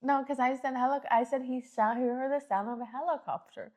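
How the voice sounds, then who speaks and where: A woman's voice: high-pitched, brisk. A woman hosting a podcast, telling a story in casual chat and acting out the quotes with lots of "like"s. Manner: animated, acts out quotes, many "like"s. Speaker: podcast host.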